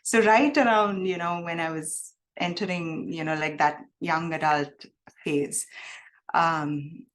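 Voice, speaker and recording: A young adult woman telling a personal story in a reflective, halting way, with many fillers. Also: deep voice, fairly even intonation. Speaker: guest speaker.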